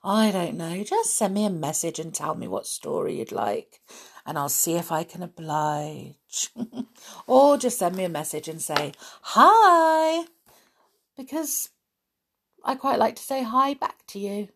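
A woman reading a children's storybook aloud and chatting gently with her listeners. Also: lowish voice, sing-song, moderate pace, slightly rough. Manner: gentle, chatty, with soft laughs.

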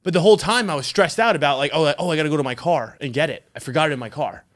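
A man's voice: a little high, racing, a bit bright. A man co-hosting a podcast in casual chat, rambling and swearing loosely. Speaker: podcast co-host.

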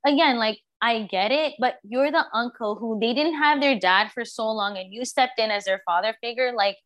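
A woman joining a podcast as a guest, giving her opinions in casual, animated chat. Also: fairly high pitch, normal speed. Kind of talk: casual pop culture chat.

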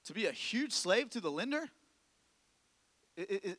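A man's voice: high voice, big pitch swings, normal speed, pauses often, fairly bright tone, in a large hall. A man preaching a sermon as a pastor, talking to the congregation in a conversational way, full of rhetorical questions and repeated phrases.

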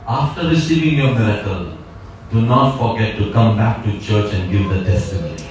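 A man's voice: lowish voice, moderate pace, very echoey, distant mic, a little hiss or hum, poor audio. A man preaching a sermon, calling out hallelujah again and again and asking the congregation questions. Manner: repetitive call-and-response, frequent hallelujahs. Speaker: pastor.

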